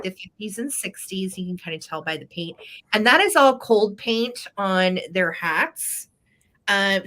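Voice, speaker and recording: A woman chatting through a live vintage sale in a bright, forceful voice. She is playful and quick to laugh, and she keeps up an easy banter with her co-host. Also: mid-range voice.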